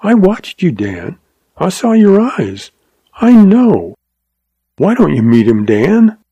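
Spirited young ranch gal, high and lively, a man doing her voice. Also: slow, husky, dry recording, full character voice. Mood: earnest, teasing. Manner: raised high voice, animated.

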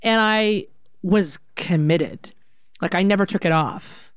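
A woman telling a personal story in an animated, conversational way, with many casual fillers. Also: fairly low pitch, takes it slowly, clear, resonant tone, no echo, clean studio sound. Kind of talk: personal story told to an audience.

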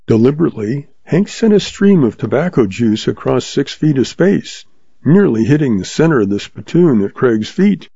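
A man reads a western story aloud in a steady, measured way. His voice is gravelly and husky, with a dark tone. The recording is dry and dull. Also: medium pitch, dry recording. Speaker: narrator. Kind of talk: scripted western story narration. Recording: dull lo-fi sound.

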